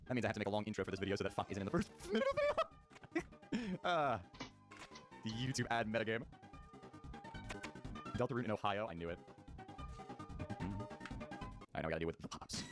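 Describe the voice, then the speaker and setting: A man's voice: fairly low pitch, big pitch swings, rapid-fire, long pauses. A man hosting a gaming channel, giving jokey, profane let's-play commentary and laughing often. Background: game music.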